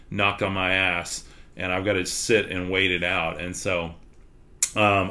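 A man's voice: low-pitched, sharp tone. A man with a Texas accent hosting a podcast livestream, chatting candidly and rambling, with plenty of fillers. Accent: Texan. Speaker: podcast host. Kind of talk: casual livestream chat.

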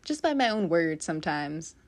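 A young woman giving a casual, animated tarot reading, swearing freely and laughing often. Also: deep voice, moderate pace. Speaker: tarot reader.

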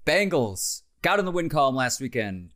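A man talking football picks on a podcast with a loose, joking delivery. His voice sits at an ordinary middle pitch. He keeps it casual and chatty. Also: very animated, moderate pace, fairly bright tone. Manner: jokey, makes game picks, briefly tries silly accents. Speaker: podcast co-host. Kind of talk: casual sports podcast banter.

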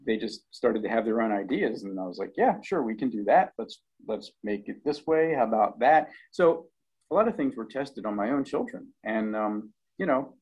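Husky, hesitant middle-aged man. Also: lowish voice, darkish tone, highs cut off. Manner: hesitant, many ums and restarts, chuckling asides. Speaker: cookbook author, guest. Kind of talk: casual interview chat.

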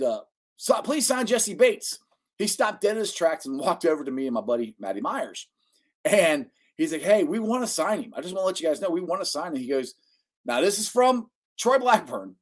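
A man hosting a casual sports podcast, chatty and excitable, laughing often. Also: fairly high pitch. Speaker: podcast host.

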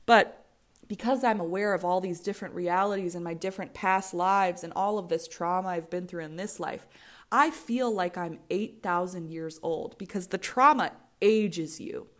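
A woman's voice: lowish voice, normal speed. A woman in her twenties with an American accent, hosting a solo podcast in a candid, rambling way, swearing freely and often restarting her sentences. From United States. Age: 20s. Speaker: podcast host.

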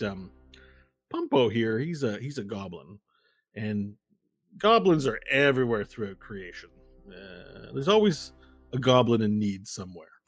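Man doing a smooth mock-apologetic gangster boss. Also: mid-range voice. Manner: oily, mock-apologetic, halting with restarts. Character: smooth-talking male gangster boss from hell, falsely apologetic.

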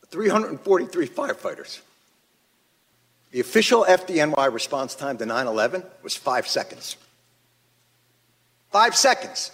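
A man's voice: on the high side, a bit bright. A man giving angry, emphatic testimony at a hearing in a large chamber. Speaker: witness testifying at a congressional hearing. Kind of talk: impassioned prepared testimony. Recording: long reverb of a large hearing room.

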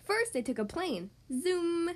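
Lively woman reading a children's story. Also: high-pitched, brisk. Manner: animated and playful, with sound effects. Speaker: podcast host reading children's books. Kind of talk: children's story read-aloud.

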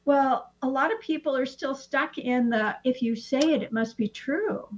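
A woman who teaches astrology, chatting in an animated way and often acting out little quotes. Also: high voice, moderate pace, a little hiss or hum. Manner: animated, slips into acted-out quotes. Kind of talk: casual conversation. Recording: dull lo-fi sound.

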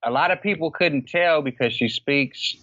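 A man from Oakland, a podcast guest, telling stories in casual chat, animated, laughing often and acting out other people's lines. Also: a little high, normal speed, no echo. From Oakland, California. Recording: dry, slightly dull lo-fi podcast audio.

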